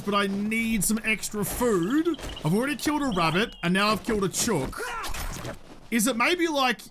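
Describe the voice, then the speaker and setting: A man's voice: high voice, fairly bright tone, slight background noise. An Australian man giving jokey, chatty let's-play commentary and talking to his in-game companion. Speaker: gaming YouTuber.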